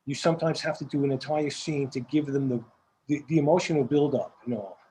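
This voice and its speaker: An older man with a Staten Island accent, a film director telling rambling, animated stories in an interview, repeating words as he goes. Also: mid-range voice, a little fast, a little hiss or hum, low-quality recording. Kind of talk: casual storytelling interview.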